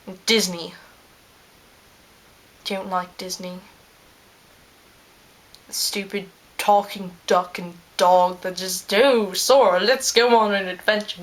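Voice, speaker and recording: A woman playing a smug, rambling male scientist character in a fan-made in-character video, talking with plenty of ums and trailing pauses. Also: mid-range voice, a bit bright, close to an everyday voice.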